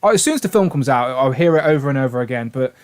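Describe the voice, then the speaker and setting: A man's voice: medium pitch, lively intonation, racing, clear, resonant tone. A British man hosting a casual live stream, rambling with enthusiasm and reading out viewers' names. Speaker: livestream host.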